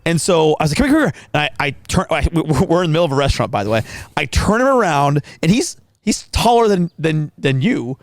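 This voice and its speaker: A man co-hosting a podcast in casual chat, telling a story with lively acted-out quotes. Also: on the high side, a little fast, few pauses, no room sound, studio quality. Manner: animated storyteller acting out quotes. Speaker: podcast co-host.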